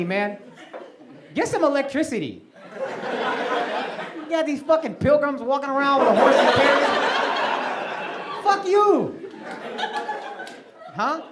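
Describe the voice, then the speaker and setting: A male stand-up comedian doing crowd work on a club stage, brash and profane as he mocks people in the audience. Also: very high-pitched. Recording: loud crowd laughter, noisy live club.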